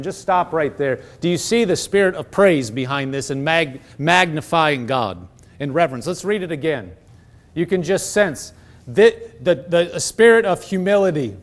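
High-voiced man preaching earnestly. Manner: earnest, emphatic preaching with slowed, stressed phrases. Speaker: pastor. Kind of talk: sermon with scripture reading.

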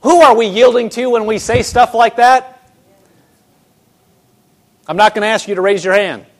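A man's voice: sits high, moderate pace. A man preaching a sermon, emphatic, asking the congregation rhetorical questions and repeating words for emphasis.

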